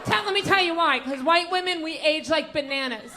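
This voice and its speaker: A woman in her forties doing a brash stand-up set, working the crowd and bursting into shouts. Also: high voice, expressive, fairly quick, few pauses. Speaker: stand-up comedian and host. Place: comedy club stage. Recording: live club recording with loud crowd laughter and noise.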